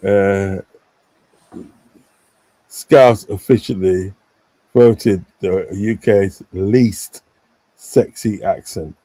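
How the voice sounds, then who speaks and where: A man's voice: on the low side, fairly even intonation, drawn-out words, long pauses, warm tone, poor audio. Blunt man on a stream. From English Midlands. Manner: blunt, opinionated, reads viewer comments aloud. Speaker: stream host. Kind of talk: casual live stream chat.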